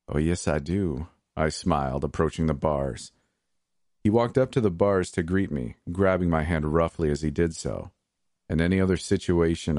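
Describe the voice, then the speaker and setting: A man narrating dark first-person fiction in a measured, unhurried way. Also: sits low, no echo, clean studio sound.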